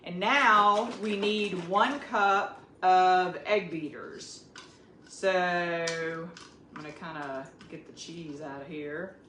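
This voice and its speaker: A woman with a Southern US accent walks viewers through a home-kitchen recipe in an unhurried, chatty way. Her voice rings in a roomy space with a faint hum of background noise. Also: fairly low pitch, a bit bright. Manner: chatty, talks straight to viewers. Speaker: cooking video host. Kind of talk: casual cooking demonstration.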